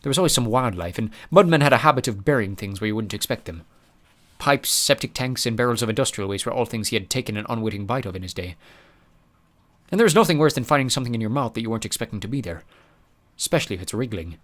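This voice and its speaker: A man narrating an audiobook with expressive storytelling. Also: mid-range voice, fast. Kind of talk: scripted narration.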